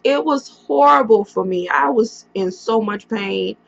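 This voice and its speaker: A woman telling a painful personal story on a casual storytime vlog, halting often with pauses and fillers as she speaks into a computer mic. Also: fairly high pitch, vocal fry, highs cut off. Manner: halting, emotional retelling with many pauses and fillers.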